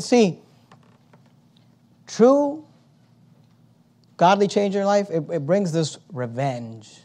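A man with a very high voice preaching a sermon. He rises into loud, emphatic bursts full of repetition and then drops back to quieter explaining. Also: sing-song, normal speed, long pauses. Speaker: pastor.

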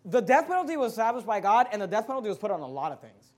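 A man preaching a sermon and reading scripture aloud, fervent and emphatic, dropping quiet and then rising loud. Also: high-pitched, very animated, rapid-fire.

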